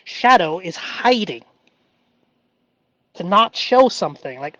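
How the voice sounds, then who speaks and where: A man hosting a live stream, talking through his feelings in an earnest, halting way with many fillers. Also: high voice, big pitch swings, fairly bright tone, no echo, lo-fi sound. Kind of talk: emotional self-reflective live stream.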